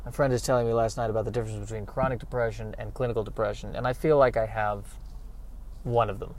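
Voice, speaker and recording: A man's voice: lowish voice, fairly even intonation, fast talker, a little hiss or hum. A man hosting a solo podcast, rambling in a wry, self-mocking way while he drives. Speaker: podcast host. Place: car, driving.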